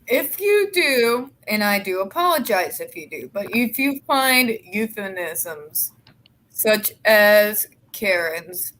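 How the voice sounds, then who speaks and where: A woman hosting a casual chat, speaking in measured, apologetic remarks. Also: medium pitch, sing-song, fairly bright tone, slight background noise. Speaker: host.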